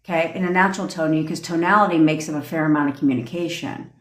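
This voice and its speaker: A woman with a somewhat low voice rants bluntly at her livestream audience, swearing freely as she lectures. The sound is roomy, with noticeable echo around her. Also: steady tone, very fast. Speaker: manifestation coach. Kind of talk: livestream rant.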